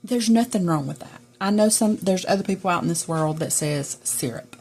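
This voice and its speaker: A middle-aged woman with a Southern US accent speaks at normal speed in a lowish, darkish, animated voice. A journaling vlogger, she chats casually and rambles to viewers while crafting in her journal.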